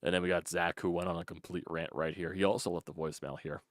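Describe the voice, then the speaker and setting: Guy hosting a sports call-in show, really low voice, annoyed and swearing, dead dry sound. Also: fairly even intonation, quick pace, few pauses, no room sound. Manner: frustrated, profane, repeats himself. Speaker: sports podcast host. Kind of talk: casual fan call-in show.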